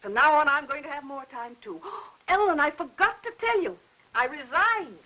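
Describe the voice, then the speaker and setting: An actress playing a fussy, chattering older aunt who meddles and prattles on, in 1950s film acting. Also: female voice, sits high, animated, moderate pace. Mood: prattling. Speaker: busybody aunt. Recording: muffled old film soundtrack with faint hiss.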